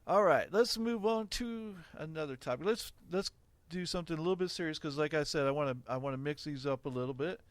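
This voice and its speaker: Middle-aged male podcast host, slightly high-pitched, blunt and laughing, dry close sound. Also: brisk, dry recording. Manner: frank, laughs often, opinionated. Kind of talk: casual podcast chat.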